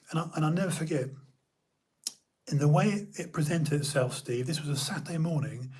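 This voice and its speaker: A man recounts a story from his own life in a loose, earnest way, doubling back on his words as he goes. His voice sits a little higher than most men's and carries a husky, slightly rough edge. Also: a little mellow. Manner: earnest, repeats himself, says "brother". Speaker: podcast guest. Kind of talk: casual storytelling.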